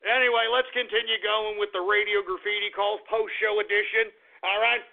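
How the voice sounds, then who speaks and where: A boisterous male radio host with a very high, gravelly voice who whoops, laughs and swears. He comes through a tinny, phone-like line with faint music underneath. It sounds like a rowdy call-in show. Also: little pitch movement, normal speed.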